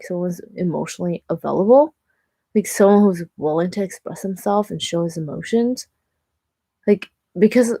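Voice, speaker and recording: A woman's voice: fairly low pitch, no room sound. Chatty young woman vlogging, dry sound. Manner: chatty, animated, many "like" fillers. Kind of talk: casual vlog monologue.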